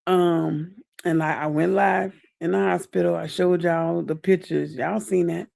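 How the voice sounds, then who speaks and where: Slow, gravelly-voiced woman chatting on livestream. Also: lowish voice, steady tone, darkish tone, no echo, clean studio sound. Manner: chatty, drawn-out, addresses viewers as y'all and baby. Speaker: livestream host. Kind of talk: casual livestream update chat. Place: at home.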